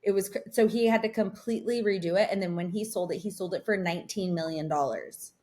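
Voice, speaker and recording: Her voice is medium-pitched, a little mellow, and quick. Recording remotely as a podcast co-host, the young woman spins a rambling tale in easygoing conversation, saying "like" constantly.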